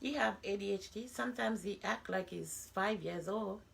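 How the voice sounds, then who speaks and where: A woman's voice: medium pitch, normal speed, vocal fry. A woman, talking bluntly and candidly in a personal vlog monologue, full of rhetorical asides. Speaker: vlogger.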